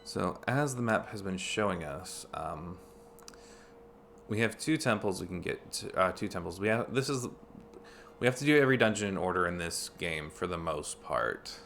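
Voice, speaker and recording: Male game streamer, low gravelly voice, loose rambling commentary. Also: lively intonation, moderate pace, a bit bright, slight background noise. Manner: chatty, thinks aloud with fillers and restarts. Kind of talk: casual let's-play commentary.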